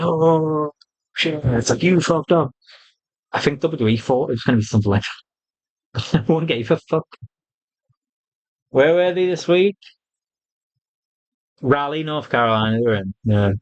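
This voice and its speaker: A man's voice: mid-range voice, normal speed, pauses often, low-quality recording. Sweary man reviewing wrestling. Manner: blunt, sweary, animated retelling with quoted voices. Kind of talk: casual opinionated review.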